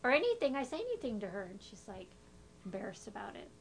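A woman, a mother, chatting casually and telling animated stories about her daughter. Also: fairly high pitch, quick pace, gravelly, a little hiss or hum. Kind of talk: casual chat.

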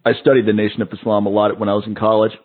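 A man's voice: on the low side, level tone, very fast. A man hosting a podcast in casual interview chat, laughing easily and asking curious follow-up questions. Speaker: podcast host. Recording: tinny phone-like line with loud crowd noise.

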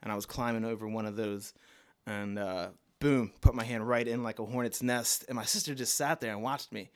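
A man in his thirties with a Baltimore accent talks as a podcast guest. His voice is smooth and clear, sitting in a middle pitch. He rambles loosely through his stories with lots of fillers. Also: steady tone, brisk. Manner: rambling, laid-back storytelling with many fillers and laughs. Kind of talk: casual podcast chat.

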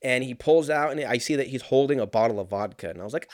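A man's voice: mid-range voice, quick pace, dry recording. Man, early 30s, casual storyteller, swears a lot, rambles and animates, dry close sound. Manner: rambling, profane, animated anecdote with frequent fillers.

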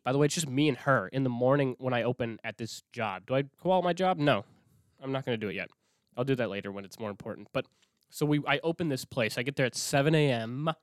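A man's voice: medium pitch, clean tone, no room sound, studio quality. A young man hosting a casual solo podcast, rambling and swearing, cutting himself off mid-sentence. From Minnesota. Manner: rambling, profane, self-interrupting. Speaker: podcast host.

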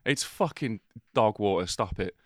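A man's voice: fairly low pitch, lively intonation, moderate pace, a bit bright, no echo, clean studio sound. A man co-hosting a casual film podcast, blunt and profane, laughing often. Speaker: podcast co-host.

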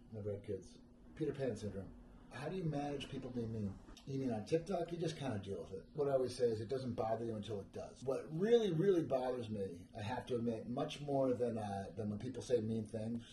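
A middle-aged man hosting a livestream and answering chat questions, rambling casually and crudely with lots of fillers and self-deprecating jokes. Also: mid-range voice. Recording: echoey room with background noise.

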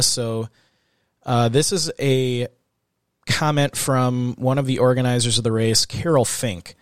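A man's voice: mid-range voice, clear, resonant tone, dry recording, studio quality. Tired man hosting a late podcast. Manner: reads quotes aloud, then chats loosely with fillers. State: tired, recording late at night. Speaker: podcast host. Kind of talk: casual true-crime podcast chat.

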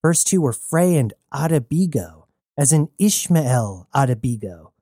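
A man's voice: medium pitch, lively intonation, mellow, husky, no echo, clean studio sound. A man voicing a nervous young male rebel who talks anxiously and in a rush. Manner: anxious, stammering, rushed.

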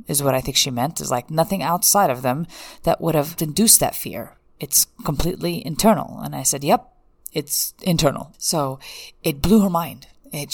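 A woman's voice: low voice, vocal fry, dry recording, studio quality. A woman therapist talking candidly in a rambling, casual monologue with frequent restarts.

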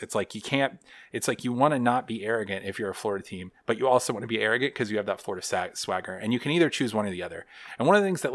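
A man's voice: on the low side, fairly bright tone, no room sound. A man co-hosting a podcast, ranting in a heated, swearing way with lots of fillers. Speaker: podcast co-host.

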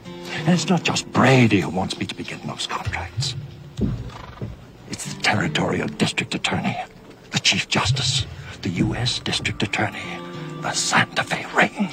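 A menacing Irish frontier boss. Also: male voice, low-pitched, sing-song, creaky, over music, heavily acted. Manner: intimidating, scornful, drawn-out emphasis. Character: scheming older frontier businessman, menacing. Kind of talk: Western film acting.

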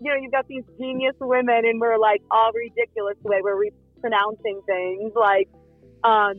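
A woman's voice: on the high side, normal speed, no echo, faint music behind. Chatty woman on a dull lo-fi line. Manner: chatty, animated storyteller with lots of fillers. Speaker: reality show cast member. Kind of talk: casual interview answers. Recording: dull lo-fi sound.

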